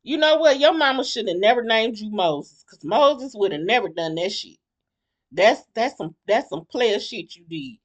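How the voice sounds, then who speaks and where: A woman vlogger giving a casual, blunt commentary on a reality show, rambling and animated with slang and many restarts. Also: mid-range voice, moderate pace. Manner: blunt, fired-up opinions.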